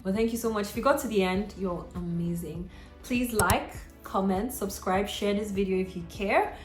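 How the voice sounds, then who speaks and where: A young woman vlogs in a casual, chatty way and cheers her viewers on, calling them girl and sis. Her voice sits at an ordinary middle pitch. The room is echoey, with faint music under her. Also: moderate pace. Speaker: lifestyle vlogger. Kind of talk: casual talk to camera. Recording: roomy echo with faint music.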